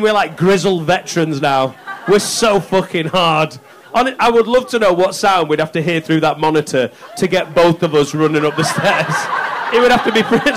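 Guy doing standup, fairly high voice, sweary and animated, crowd laughing, noisy club. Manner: animated, swears freely, jumps into high squeaky voices for bits. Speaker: stand-up comedian. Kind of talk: stand-up comedy set. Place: comedy club stage. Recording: live club mic with crowd noise. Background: audience laughter.

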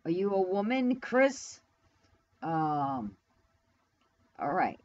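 A woman's voice: fairly low pitch, big pitch swings, extremely slow, a little mellow, muffled recording. A woman live streaming from home in New York, rambling casually to her viewers, blunt and profane as she talks back to the chat. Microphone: camera mic.

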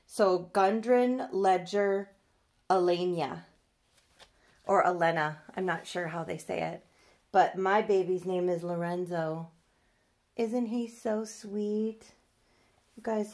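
A woman's voice: medium pitch, a little mellow. A young adult woman chatting in a casual box-opening vlog, gushing and cooing over a new doll. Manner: gushing, coos and squeals. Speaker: vlogger.

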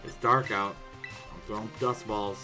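A man streaming himself playing a video game, swearing a lot and swinging from low mutters to loud outbursts at the game. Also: steady tone, a little slow. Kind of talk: casual live gameplay commentary. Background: game music.

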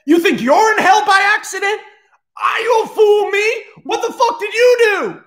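A man voicing a brash, foul-mouthed teenage boy antihero who shouts and curses in a high, fast voice. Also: very animated. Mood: furious.

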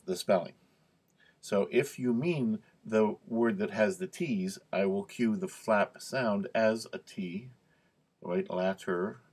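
Lower-voiced man teaching speech sounds. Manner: relaxed, repeats sounds to demonstrate, many fillers. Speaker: cued speech instructor. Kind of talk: casual teaching explanation.

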